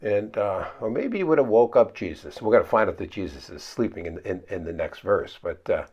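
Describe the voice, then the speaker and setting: A man's voice: animated, a little fast, lo-fi sound. A pastor preaching a conversational sermon, asking his listeners questions and answering them himself. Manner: acts out the frightened disciples in high pleading voices.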